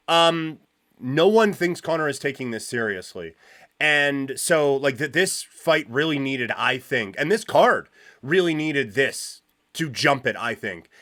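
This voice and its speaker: A man hosts his own podcast and sounds thoroughly fed up. He rants with a slightly higher voice than most men and stumbles through repeated restarts as he talks. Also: fairly bright tone. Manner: exasperated, ranting, frequent restarts. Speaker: podcast host. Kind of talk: solo podcast commentary.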